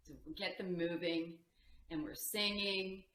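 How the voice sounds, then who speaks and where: A woman's voice: fairly low pitch, fairly even intonation, unhurried, a bit bright, a little hiss or hum. A woman music teacher, a guest on the podcast, talking earnestly about teaching and acting out what she says to children. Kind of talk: casual chat. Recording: echoey room.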